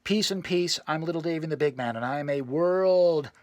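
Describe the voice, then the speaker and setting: A man playing a boastful, sleazy male pickup guru in a parody self-help lecture, sinking to low murmurs and bursting into loud scat exclamations. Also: brisk, no echo, close to an everyday voice. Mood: hyped. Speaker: self-styled dating coach.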